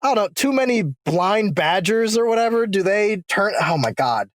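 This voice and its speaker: A man co-hosting a podcast in casual chat, excitable and swearing freely, his pitch leaping up and down. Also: normal speed, dry recording, studio quality. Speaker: podcast co-host.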